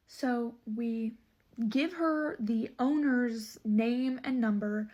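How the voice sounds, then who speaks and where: A woman's voice: on the high side, very slow, dark tone. A woman who manages a store, telling a customer story in an indignant, emphatic, casual storytime way. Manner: indignant, emphatic retelling with asides.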